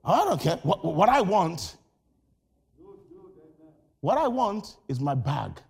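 A Nigerian-born man preaching a sermon, shouting and repeating phrases with rising intensity, telling personal stories in an animated way. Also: high voice, takes it slowly, vocal fry, husky.

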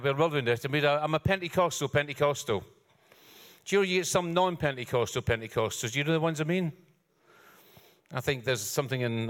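A man's voice: medium pitch, a bit bright, in a large hall. An older man, a guest preacher, giving a sermon with joking, self-deprecating asides. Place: church hall.

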